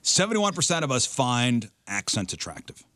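Bright, lively male radio host. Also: mid-range voice, normal speed, dry recording. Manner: reads poll results with playful announcing. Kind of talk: casual radio chat.

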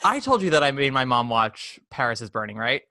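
Male podcast host, forceful and crisp, playful camp energy, dry close sound. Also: medium pitch, a little fast, no echo. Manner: animated, playful and campy. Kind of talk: casual podcast chat.

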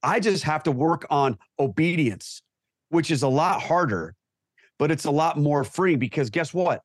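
A man's voice: on the high side, animated, unhurried, dry recording, studio quality. A man, a guest on a talk show, speaking earnestly and emphatically about his faith. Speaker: guest, Catholic convert.

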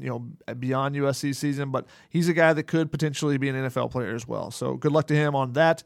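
A man's voice: mid-range voice, dry recording, clean studio sound. A man with a Southern American accent, co-hosting a casual sports podcast and breaking down the players with lots of "you know" fillers.

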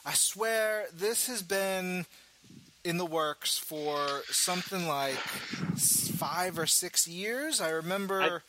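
A man hosting a casual chat about comic books, talkative and quick to laugh. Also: high voice, background noise. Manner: chatty, laughs often. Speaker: podcast host.

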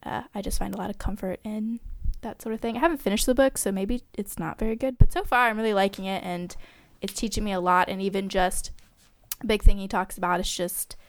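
A woman's voice: medium pitch, steady tone, brisk, dry recording. A woman co-hosting a podcast in casual chat, talking loosely with many likes and ums. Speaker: podcast co-host.

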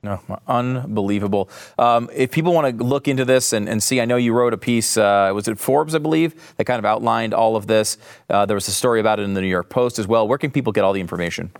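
A man's voice: on the low side, quick pace. A middle-aged man hosting an opinion show, talking in a sarcastic, ranting way. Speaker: host.

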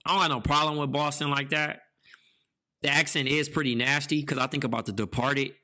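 A man's voice: a little high, fairly even intonation, brisk, pushed and bright. A man co-hosting a podcast, joking loosely in slangy casual chat. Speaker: podcast co-host.

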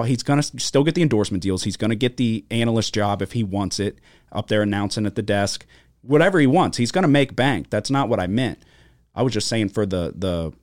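This dry recording features a man whose voice sits on the low side. As a co-host of a studio podcast, he chats casually and tells stories, cursing often and bringing quoted characters to life with animated voices.

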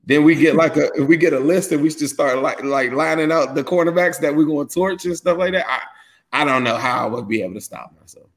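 A man's voice: on the high side, fast. A man co-hosting a sports podcast, rambling casually with lots of fillers while tired from jet lag. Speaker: podcast co-host.

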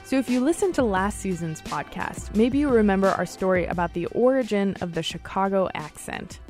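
A woman's voice: medium pitch, lively intonation, fairly quick, a little mellow, soft background music. A woman producer hosting a podcast, introducing the episode in a friendly, explanatory way. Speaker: senior producer and host.

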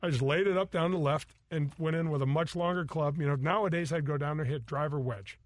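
A middle-aged man tells golf stories on a radio show, animated and full of laughs. His voice sits a little high for a man, and the sound is dry and close. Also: fast talker, no echo. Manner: animated storyteller, acts out voices, laughs often. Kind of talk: casual storytelling chat.

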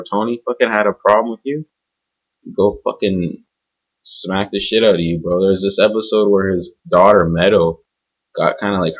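A man's voice: low-pitched, slightly rough. A young man ranting casually, profane and rambling, full of "man" and "bro", on a dull lo-fi recording. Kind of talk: casual rant.

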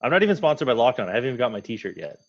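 A man's voice: mid-range voice, big pitch swings, racing, lo-fi sound. A Canadian man in his thirties, a podcast guest with a dry, teasing sense of humor. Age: 30s. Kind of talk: casual chat.

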